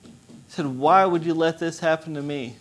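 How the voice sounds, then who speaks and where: A young adult man, a missionary preacher, giving an impassioned testimony sermon that rises to loud pleading. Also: a little high, normal speed.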